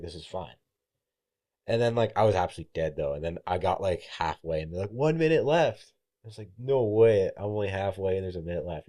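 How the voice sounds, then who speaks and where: Deep-voiced young man telling a story. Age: young adult. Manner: animated, acts out quoted voices, swears freely. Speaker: podcast guest, college baseball player. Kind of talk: casual storytelling.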